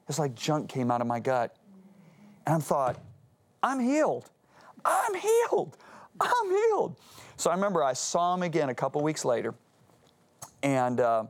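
A man guesting on a Christian talk show tells his story with real earnestness. His pitch sits mid-range, yet he swings it widely as he acts out the quotes in a lively voice. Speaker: guest speaker, author.

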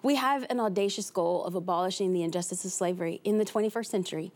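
Fast-talking animated woman guest. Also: on the low side. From East Los Angeles, USA. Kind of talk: TV talk show interview.

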